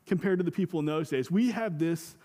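A man preaches from a church sanctuary in a fairly high voice. He keeps it conversational, leaning on rhetorical questions and repeated phrases. The sound carries a long, reverberant hall tail. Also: brisk, warm tone. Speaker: pastor. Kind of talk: sermon.

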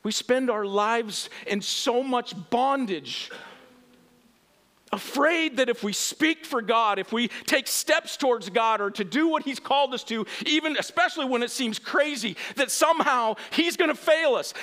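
A male pastor preaching a sermon, animated, swinging from quiet asides to shouted emphasis and laughing at himself. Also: very high-pitched, normal speed.

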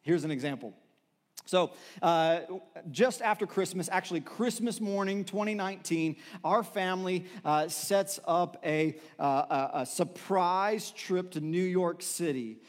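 A man's voice: sits high, a little slow, long reverb tail. A man preaching a sermon in a conversational, storytelling way, with filler words and restarts. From Texas. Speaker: pastor.

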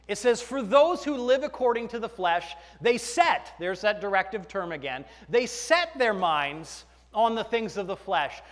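A man's voice: very high-pitched, fairly bright tone, big-room sound. A man preaching a sermon to his congregation in a conversational way, joking with the people in the pews. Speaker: pastor. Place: church sanctuary.

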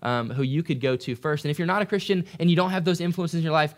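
A man's voice: on the high side, fast talker. Conversational young man preaching. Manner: conversational, animated, acts out quoted voices. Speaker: pastor. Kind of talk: sermon.

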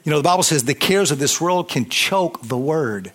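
Fervent preacher, slightly high voice. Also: male voice, expressive, moderate pace, fairly bright tone, slightly rough. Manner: fervent, call-and-response, rising and falling emphasis. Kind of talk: sermon.

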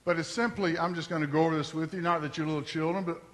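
A man preaches from the pulpit in a high, bright, forceful voice. He talks to the congregation like a conversation, then climbs into emphatic peaks. The church hall rings with a long reverb. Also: fairly even intonation, fast. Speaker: pastor. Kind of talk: sermon. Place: church sanctuary.

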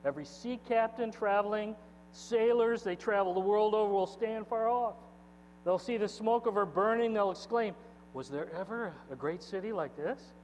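High-voiced preaching man in an echoey hall. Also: moderate pace. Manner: expository preaching, reading scripture aloud with emphatic swings in loudness. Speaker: pastor. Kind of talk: sermon. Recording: dull echoey hall with mains hum.

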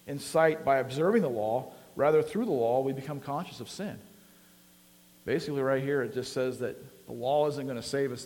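A man preaching a sermon, casual and full of fillers, then building to emphatic peaks. His voice sits at an ordinary middle pitch. A long reverb trails behind him, as in a church hall. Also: darkish tone.

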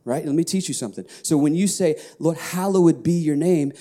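A man with a high voice preaching to his church, his tone mellow and warm. He shifts between soft, hushed prayer and lively, shouted praise. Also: a little fast. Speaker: pastor. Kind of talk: sermon.

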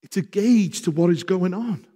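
A man preaching a sermon, speaking with passion and growing loud when he reads scripture aloud. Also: high voice, lively intonation, normal speed, slightly rough. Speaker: pastor. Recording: reverberant hall.

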